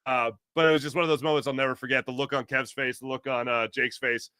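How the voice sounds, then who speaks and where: A man, a guest telling excited stories in casual chat. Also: mid-range voice, quick pace, smooth, dry recording, clean studio sound. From Philadelphia. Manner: excited storytelling, animated.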